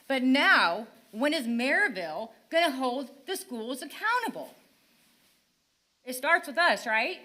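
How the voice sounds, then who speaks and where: A woman's voice: high-pitched, big pitch swings, a little slow, pushed and bright. An older woman speaking at public comment in a town council meeting, frustrated and pleading, her voice at times breaking.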